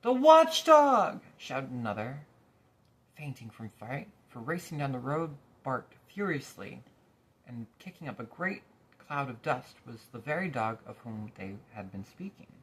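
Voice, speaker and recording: Expressive male storyteller. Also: mid-range voice, unhurried, slightly rough. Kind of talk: reading a novel aloud.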